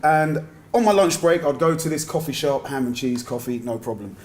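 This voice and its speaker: A man spins comic stories in a comedy club, chatty and animated as he works the crowd. His voice sits a touch higher than most men's. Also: moderate pace. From South London. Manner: chatty, animated, plays to the audience. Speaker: comedian guest. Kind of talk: stand-up style comic storytelling.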